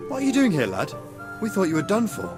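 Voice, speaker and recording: A blunt, lively town guard. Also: male voice, sits high, fast, over music. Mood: surprised. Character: watchful adult male town guard, blunt. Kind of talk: video game dialogue.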